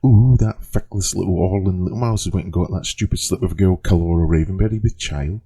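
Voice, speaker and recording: A man's voice: low-pitched, fast talker, mellow, husky, pitched above the performer's own voice. A man voicing a nosy, scandalised village busybody woman with a Liverpool accent. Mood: scandalised gossip. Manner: gossipy, scandalised.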